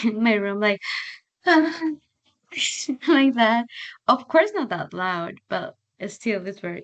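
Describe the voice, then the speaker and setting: A woman's voice: medium pitch, highs cut off. A young woman whose first language is Spanish, chatting and laughing as she tutors English online. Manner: chatty, laughs often, fillers like "like" and "so". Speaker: English teacher.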